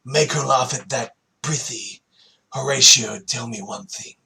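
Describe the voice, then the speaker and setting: A man voicing a theatrical adventurer who grandly recites old tragic verse, loud and declaiming, slightly higher than his own voice. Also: measured pace, gravelly, recorded from a distance, a little hiss or hum, full character voice. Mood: grandly mournful.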